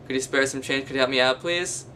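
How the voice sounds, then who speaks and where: A man's voice: medium pitch, fairly even intonation, quick pace, sharp tone, slight background noise, natural voice. A nasal young man mimicking a droning beggar. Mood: pleading. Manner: same phrase repeated in one fixed intonation. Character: repetitive street beggar man, droning sing-song plea.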